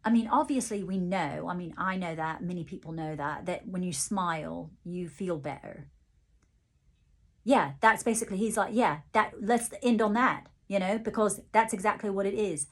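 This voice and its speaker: A woman working as a psychic medium talks through a channelled reading in a mid-range voice. She relays messages in the first person, pausing and restarting often. Her asides have a gently playful, chuckling manner. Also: mid-range voice.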